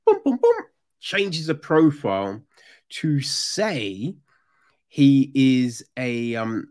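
A man giving casual, sarcastic true crime commentary, animated and full of swearing. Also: medium pitch, very slow.

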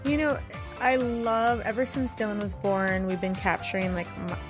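A woman's voice: medium pitch, normal speed, music in the background. An upbeat woman co-hosting a podcast, chatting casually and laughing easily. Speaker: co-host.

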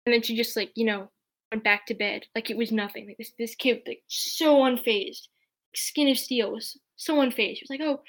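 Chatty woman with a higher voice. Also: steady tone, normal speed. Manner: chatty, with many fillers. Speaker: podcast guest. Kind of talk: casual spoken storytelling.

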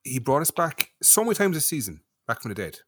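A man's voice: medium pitch, very animated, fast, a bit bright, dry recording, clean studio sound. A man, co-hosting a football podcast and arguing bluntly. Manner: blunt, swears when annoyed. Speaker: podcast co-host. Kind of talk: casual chat.

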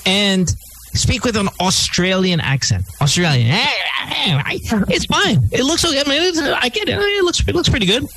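Filipino podcast host, male, husky and lively, opinionated. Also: extremely high pitch, measured pace, low-quality recording. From Philippines. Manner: opinionated, animated, mixes in Filipino words. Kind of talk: casual chat.

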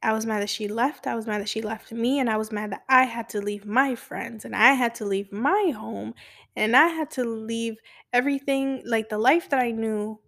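Soft-spoken young woman telling a personal story. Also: a little high, moderate pace. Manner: rambling and confessional, lots of fillers; soft-spoken, dropping into a whisper at times. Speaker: podcast host.

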